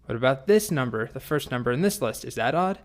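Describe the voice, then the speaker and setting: A man's voice: medium pitch, lively intonation, fairly quick, natural voice. A man voicing an eager young boy apprentice in a spoken story, polite and pleading.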